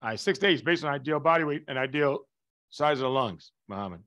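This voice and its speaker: A man teaching a class, lively and emphatic, often stopping to ask the students if they understand. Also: mid-range voice, fast talker. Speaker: lecturer. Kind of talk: live online lecture.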